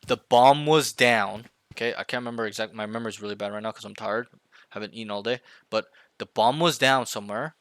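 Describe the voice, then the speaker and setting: Fairly low in pitch and a little quick, a man coaches a student privately through voice chat, with no echo on the audio. Emphatic, he regularly says "right?" to check in and voices loud team callouts.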